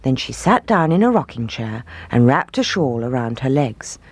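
A storyteller reading a fairy tale aloud in an expressive voice. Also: medium pitch, normal speed, breathy edge, no room sound. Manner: expressive, shifting voices for each figure.

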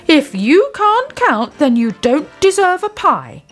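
A woman's voice: high-pitched, huge pitch swings, slow, soft background music, voice pushed up, full character voice. A woman doing a grumpy old lady. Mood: scolding.

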